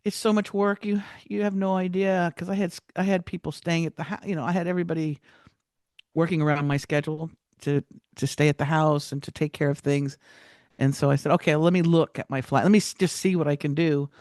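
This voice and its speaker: A woman telling a personal story as a podcast guest, animated, with many restarts and acted-out quotes. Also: low voice, fast talker, no room sound, studio quality.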